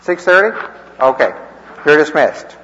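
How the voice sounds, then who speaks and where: A man's voice: a little high, very animated, a little slow, a bit bright. Folksy man teaching in an echoey hall. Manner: rambling, folksy, chuckling asides. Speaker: church class teacher. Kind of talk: informal teaching with stories. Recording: echoey, dull lo-fi room recording.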